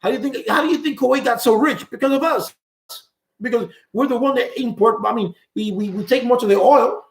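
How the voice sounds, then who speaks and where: A high, gravelly male voice that talks quickly and bluntly and swears without hesitating. He hosts a live call-in chat and often restarts and repeats himself as he thinks. The room gives the voice a noticeable echo. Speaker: host.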